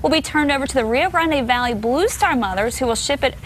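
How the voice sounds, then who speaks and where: Female morning TV co-host, quick and bubbly, fairly high voice. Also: expressive, fairly bright tone, a little hiss or hum. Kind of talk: casual chat and promo reading.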